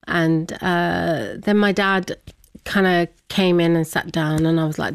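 A woman recounts a personal story in a chatty, animated way, breaking into laughs and playing out the voices of people she quotes. Her voice sits a little low, and the recording is dry and close with no room sound. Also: measured pace, vocal fry, clean tone, dry recording. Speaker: guest.

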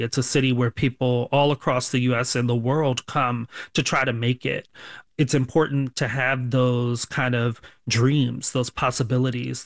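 Measured, even-voiced man being interviewed. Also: mid-range voice, no echo, studio quality. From Baltimore. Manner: measured, thoughtful, even-toned. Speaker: author and sociology professor, guest. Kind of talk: radio interview answers.

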